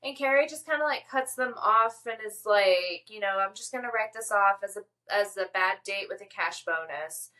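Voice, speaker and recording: Bright-voiced deadpan woman co-host. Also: mid-range voice, normal speed, hardly any pauses. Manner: deadpan delivery. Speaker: podcast co-host. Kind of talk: casual chat.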